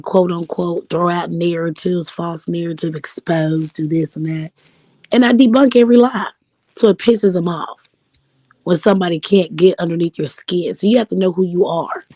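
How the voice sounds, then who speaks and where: A woman speaking as a guest on a live stream, assertive and emphatic as she makes her points. Her voice sits low and mellow, heard dry and close. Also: dry recording. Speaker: guest commentator. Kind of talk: casual live-stream chat.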